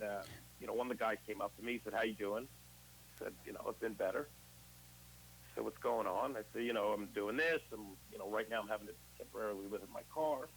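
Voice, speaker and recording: A man appearing as an interview guest tells his recovery story candidly and conversationally, acting out past conversations as quoted dialogue. His voice is lowish with a fairly bright tone, and the poor audio carries a little hiss or hum.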